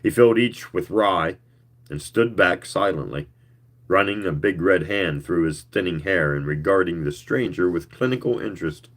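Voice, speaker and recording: A man giving a live reading of a story in a slow, measured storytelling manner. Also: sits low, lively intonation. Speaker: reader.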